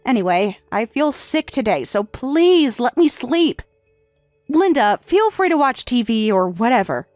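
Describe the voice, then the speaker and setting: Fairly high with big pitch swings and a darkish tone, a synthetic woman's voice reads a little slowly as a tired young wife who defiantly responds with firm, pointed replies. This text-to-speech story has a dry, clean studio sound with faint music behind.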